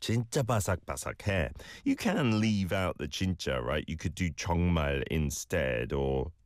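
A man's voice: a bass voice, big pitch swings, a little fast, no room sound, studio quality. A man hosting a language lesson, patiently giving encouraging feedback on listener clips.

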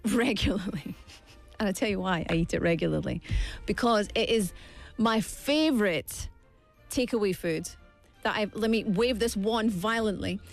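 A young woman chatting playfully to camera in a vlog, full of jokey asides. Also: a little high. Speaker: vlogger. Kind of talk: casual chat to camera.

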